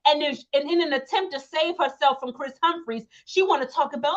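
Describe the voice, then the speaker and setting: Young woman ranting hard, high voice, repeats words for punch, kinda muffled lo-fi sound. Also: fairly quick, hardly any pauses. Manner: emphatic, repetitive, acts out quotes. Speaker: commentary channel host. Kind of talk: opinionated commentary rant.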